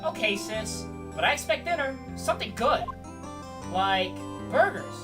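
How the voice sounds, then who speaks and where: An eccentric, teasing teenage girl, high and lively, as a man puts her on. Her voice leaps around playfully while loud music plays, and she sits a little away from the mic. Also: a little slow, distant mic. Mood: eager. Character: bubbly teenage girl spirit medium, cheeky.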